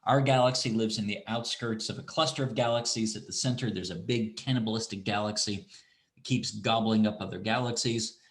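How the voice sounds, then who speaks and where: A middle-aged man teaching an online astronomy class, talking in a relaxed, rambling way with restarts and asides. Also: fairly low pitch, brisk. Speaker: university astronomy instructor. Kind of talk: online lecture with screen demo.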